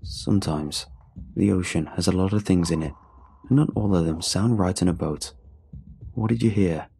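A man narrating a first-person story in a steady, measured way. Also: sits low, vocal fry, slightly rough.

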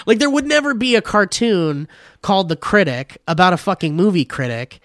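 A man's voice: high-pitched, lively intonation, a little fast, a bit bright, no room sound, studio quality. Rambling, swearing podcast guy. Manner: rambling, profane, laughing. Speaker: podcast co-host. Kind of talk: casual chat.

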